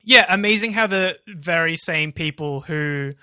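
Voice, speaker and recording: A man's voice: on the high side, a little slow, bright, forceful tone, no room sound. A man co-hosting a podcast, chatting casually in a dry, sarcastic way. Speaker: podcast co-host. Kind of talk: casual political chat.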